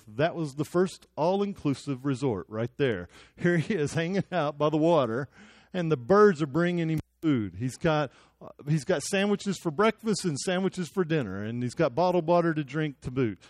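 Young texas preacher guy telling a bible story w jokes, voice a bit high, dry close sound. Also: no echo. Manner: lively storytelling with jokes and acted-out quotes. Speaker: pastor. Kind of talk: sermon.

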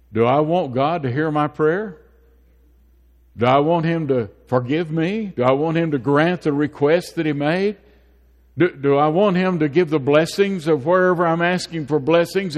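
A man's voice: fairly high pitch, in a large hall. A male pastor preaching a sermon to his church, asking the congregation questions and building to emphatic, rising peaks.

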